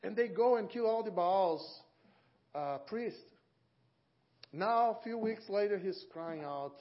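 Animated male preacher, lo-fi. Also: slow, pauses often. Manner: animated, acts out quoted voices with big pitch jumps. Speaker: guest preacher. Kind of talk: sermon. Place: church. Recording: dull lo-fi church audio recording.

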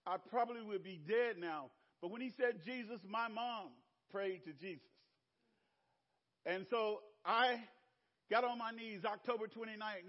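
An older man with a Southern American accent preaching a sermon, telling stories with laughter and big swings between loud and soft. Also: high-pitched, lo-fi sound. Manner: storytelling with laughter and sweeping shifts in loudness. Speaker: pastor.

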